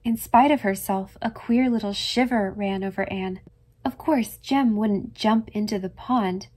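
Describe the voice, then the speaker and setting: A woman narrating a classic novel in a measured, expressive audiobook reading. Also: mid-range voice.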